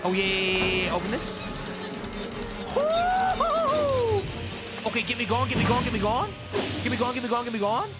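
A young man streaming a horror game, swearing, talking to his chat as "gang" and dropping to a hushed whisper when scared. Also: very high voice, racing. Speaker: gaming streamer. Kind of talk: live horror game commentary. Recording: game music audible behind.

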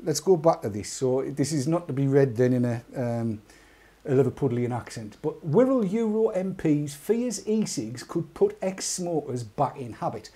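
A man's voice: fairly high pitch, lively intonation, normal speed, mellow, breathy edge. An English man co-hosting an online talk show, chatting casually and reading a news story aloud with wry, jokey asides. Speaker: podcast co-host.

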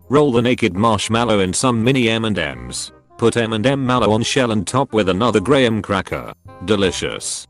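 Male narrator, low and animated, reads forum posts as scripted narration, faint music under. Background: faint background music.

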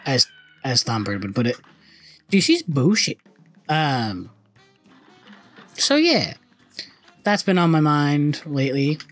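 A man's voice: on the high side, sing-song, slow pace, long pauses, a bit bright, soft background music. A young man commenting on his own gameplay, frustrated and cursing often. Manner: frustrated, swearing, muttering.

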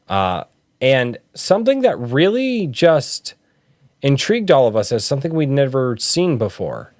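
A man's voice: mid-range voice, big pitch swings, measured pace, a little mellow, no echo, studio quality. A man hosting a podcast, rambling and joking at himself in casual chat. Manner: rambling, self-deprecating, jokey. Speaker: podcast host.

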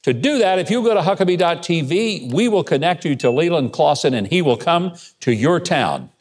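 A man's voice: a little high, lively intonation, moderate pace, husky. An older man hosting a television talk show, wrapping up a segment in a genial way and plugging the guest. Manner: genial wrap-up and promotion.

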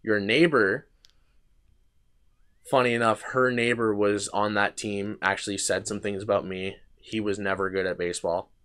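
A man's voice: lowish voice, fairly even intonation, normal speed, a bit bright. A young man hosting a podcast, telling a long casual story with restarts, fillers and swearing. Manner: rambling anecdotes with frequent restarts and swearing. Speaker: podcast host.

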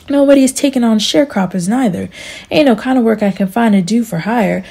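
A whiny old farmer, forever pleading and complaining, in a raised, gravelly voice, as a woman reader puts him on. The tone is dark, a little husky, from an amateur audiobook reading. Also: high-pitched, pitched above the performer's own voice, exaggerated voice. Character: aging male poor farmer, self-pitying and whiny.

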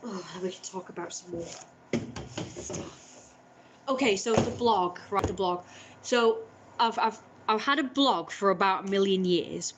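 A young woman, rambling through a casual stream chat while she cooks and fiddles with parcels. She keeps correcting herself mid-sentence and speaks at a mid pitch. Faint room noise sits behind her voice.

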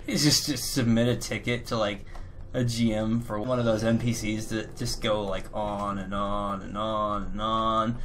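A man's voice: fairly low pitch, little pitch movement, measured pace, a bit bright, slight background noise. A man hosting a let's play, rambling goofily through gameplay commentary with swearing and made-up rhymes. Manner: goofy, rambling, profane, improvised rhymes.

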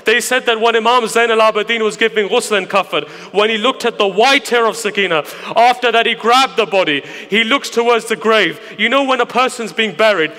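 A man preaching a grieving, impassioned mourning sermon, moving from hushed asides to loud lament in a large hall. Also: sits high. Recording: long hall reverb.

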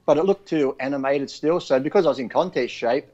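A man's voice: medium pitch, brisk, a little mellow, muffled recording. A man with an Australian accent, co-hosting a casual chat, swearing freely and acting out comic voices in his stories. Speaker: co-host.

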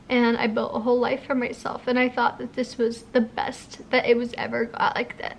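Young woman, 20s, casual apartment-tour vlogger, slightly high voice, crying and emotional. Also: a little hiss or hum. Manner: emotional, tearful and grateful. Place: apartment, indoors.

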